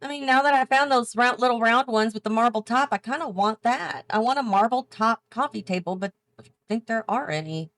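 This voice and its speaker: A woman's voice: a little high, fairly quick, fairly bright tone, no echo. A woman hosting a gaming channel, chatting and thinking aloud as she builds, often correcting herself. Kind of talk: casual build commentary while playing.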